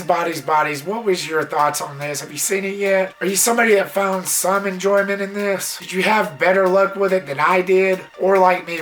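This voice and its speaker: A movie reviewer giving a casual, blunt spoken film review, exasperated and swearing a little, sometimes jumping into high squealing impressions. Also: fairly bright tone. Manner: mimics characters in sudden high squeals.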